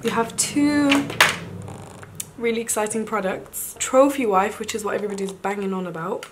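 A young woman, chatting to camera through a makeup tutorial. She gushes excitedly, often gasping and breaking into breathy exclamations. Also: medium pitch, moderate pace, background noise. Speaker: beauty vlogger.

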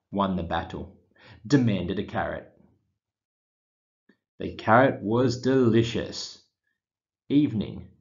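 Slow, lively-voiced man reading a picture book. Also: fairly low pitch, dull audio. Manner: reads in short deadpan diary fragments with pauses. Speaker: storybook reader. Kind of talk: children's picture book read-aloud.

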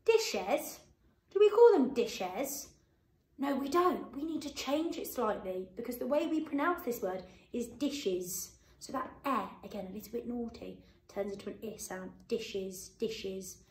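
A woman's voice: a little high, expressive, darkish tone. Roomy-sounding woman teaching a children's phonics lesson. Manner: slow, clear sounding-out of letters and sounds; encouraging praise. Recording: roomy echo.

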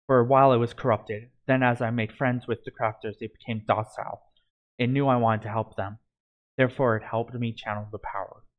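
A man voicing a calm young male hero who carries a wolf spirit, in a storybook reading, speaking steadily. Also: mid-range voice, a little fast, phone-quality sound, close to an everyday voice.

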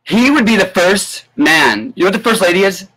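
A man giving an indignant live-stream rant, sarcastic and full of profanity, breaking into sudden high yelps. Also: sing-song, normal speed, bright, forceful tone, rough recording. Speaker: political commentator. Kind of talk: ranting live-stream commentary.

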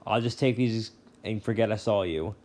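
A man voicing a smooth, menacing male ferryman of the dead with a put-on British accent, mockingly polite and sly. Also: fairly low pitch, normal speed, darkish tone, close to an everyday voice. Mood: silky menace.

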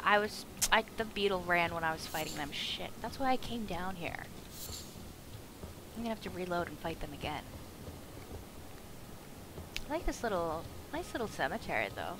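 A woman streaming a video game, chatting casually, gasping, swearing and shouting at the screen. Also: medium pitch, background noise. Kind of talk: casual live-stream commentary.

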